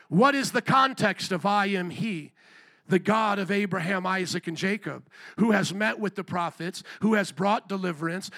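A man preaching a sermon with fervent call-and-response, pressing his listeners and at times shouting. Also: very high voice, dry recording. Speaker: pastor.

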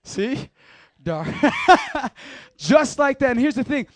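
A man's voice: extremely high pitch, very animated, takes it slowly, no room sound. A man speaking as a youth pastor, giving a casual, slangy sermon and talking straight to the crowd.

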